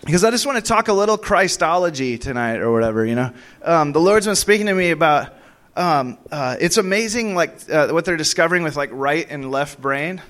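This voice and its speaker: High-voiced young preacher, rambling and whooping. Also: male voice, animated, brisk, a bit bright. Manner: rambling, laughing, with many fillers and sudden high whoops. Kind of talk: charismatic sermon. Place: church meeting room.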